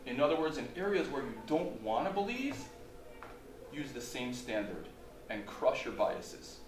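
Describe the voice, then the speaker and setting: A man's voice: mid-range voice, a little slow, background noise. A man teaching as a rabbi in a lecture, posing rhetorical questions and swinging his volume up and down for emphasis. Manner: animated, rhetorical questions, dramatic shifts in volume. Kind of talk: Torah lecture. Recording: roomy hall, distant mic, faint ambience.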